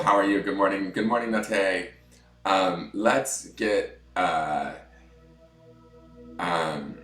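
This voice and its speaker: A man with a deep morning voice, chatting on a tarot livestream and guiding a breathing meditation. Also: lively intonation, takes it slowly, fairly bright tone, reverberant, soft background music. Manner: chatty, reads viewer comments aloud. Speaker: tarot reader.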